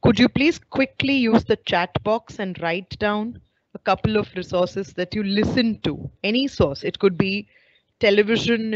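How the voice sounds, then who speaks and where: A woman's voice: mid-range voice, dry recording. Woman lecturing over a dull webinar line. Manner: explanatory, asks the audience questions. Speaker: teacher trainer presenting a webinar. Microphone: video call. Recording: dull lo-fi online call audio.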